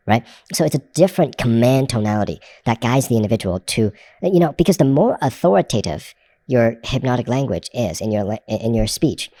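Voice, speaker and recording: A man with a mellow, dark voice gives a recorded lesson on a very dry sound. He explains in loose spoken runs, restarts often and keeps checking in with "right?". Now and then he repeats a phrase in different tones to demonstrate. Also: medium pitch, expressive, brisk, no room sound. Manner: demonstrates shifts of tone by saying the same phrase several ways. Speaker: hypnosis course instructor.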